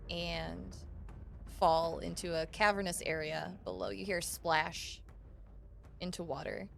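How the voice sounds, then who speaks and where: A woman's voice: lowish voice, vocal fry. A woman running a tabletop game as game master, narrating the scene playfully.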